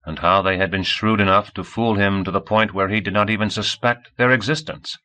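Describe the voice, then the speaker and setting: Bright-toned man narrating a book. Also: fairly low pitch, fairly even intonation, a little fast, rough recording. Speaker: audiobook narrator. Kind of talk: scripted narration.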